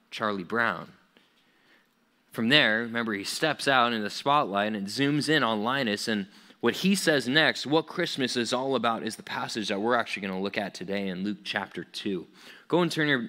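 A man's voice: medium pitch, sharp tone. A young man preaching a casual youth sermon, loose and chatty, full of "like"s and acted-out quotes. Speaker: youth pastor.

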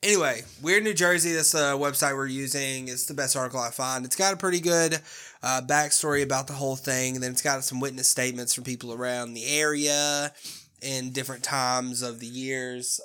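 A man's voice: medium pitch, a bit bright. A man co-hosting a casual podcast, laid-back, swearing freely and laughing often. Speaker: podcast co-host. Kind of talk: casual chat.

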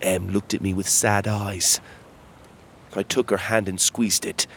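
A man narrating a children's fantasy adventure in the first person, reading at a measured, steady pace. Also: lowish voice, a little hiss or hum. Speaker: storyteller.

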